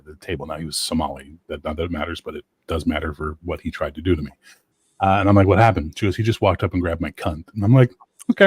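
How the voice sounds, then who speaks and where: Brief: lower-voiced man, ex-bouncer host, profane animated storyteller, dry close sound. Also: slightly rough, no room sound. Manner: profane, animated, loud when acting out quotes. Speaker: podcast host and former bouncer. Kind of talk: casual storytelling chat.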